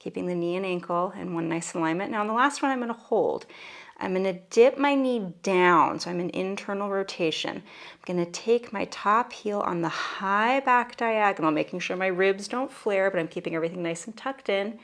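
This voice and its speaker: A woman's voice: mid-range voice, normal speed, a bit bright. A woman teaching a Pilates mat workout, cueing the moves casually and playfully while she does them herself. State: out of breath at times. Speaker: Pilates instructor. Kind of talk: guided workout instruction.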